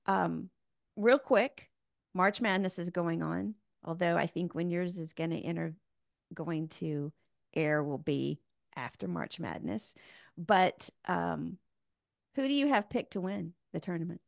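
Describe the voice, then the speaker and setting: A woman's voice: on the low side, gravelly, no room sound, studio quality. A woman hosting a podcast, asking questions and adding short affirmations. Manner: brief affirming interjections, then quick questions. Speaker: podcast host. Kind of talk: interview questions and chat.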